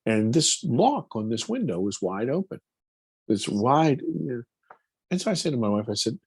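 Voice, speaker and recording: Man, husky voice, animated storyteller, interview guest, mid pitch. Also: normal speed. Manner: animated, acts out his own quotes loudly. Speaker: film producer, guest.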